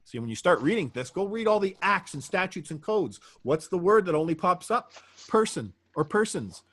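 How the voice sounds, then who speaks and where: A man's voice: high-pitched, big pitch swings, moderate pace, a bit bright. A man, a guest in a conversational interview, telling stories emphatically and asking rhetorical questions.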